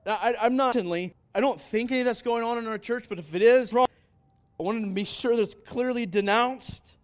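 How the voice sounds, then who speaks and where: A man's voice: very high-pitched, moderate pace. A man pastor preaching a sermon, earnest and emphatic, often asking rhetorical questions and answering them.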